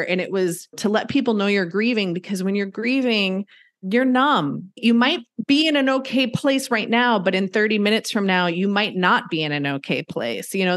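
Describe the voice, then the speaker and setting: A woman guest in a podcast interview, telling personal stories earnestly and acting out quoted reactions. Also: lowish voice. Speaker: podcast guest, grief counselor. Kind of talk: conversational interview talk.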